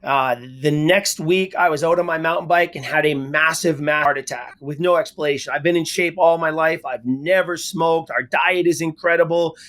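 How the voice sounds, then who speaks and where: A man's voice: fairly high pitch, steady tone, normal speed, few pauses, fairly bright tone. A middle-aged man from Canada, a guest in an interview, telling his story earnestly and repeating words for emphasis. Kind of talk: interview answers.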